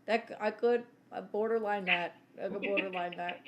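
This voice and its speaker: A woman's voice: mid-range voice, fairly even intonation, moderate pace, very noisy. A woman in her forties telling stories in casual chat as a podcast co-host, brash, laughing and swearing freely.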